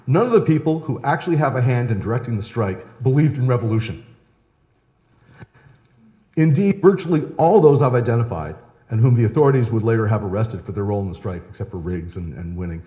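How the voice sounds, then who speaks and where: A man's voice: medium pitch, mellow. A male historian giving a live lecture, chatty and conversational, often checking in with "right?". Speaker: historian giving a public talk. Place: historical society lecture room. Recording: echoey hall, long reverb.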